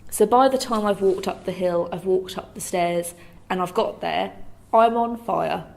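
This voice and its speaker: A young woman telling her own story to camera in a lively way, acting out what other people said. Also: medium pitch, moderate pace, vocal fry. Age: young adult.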